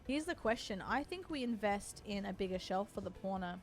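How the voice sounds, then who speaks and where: A young Australian woman streams while playing, chatting playfully with viewers and calling them doll and babe. Her medium-pitched voice is animated and brisk, with soft music in the background.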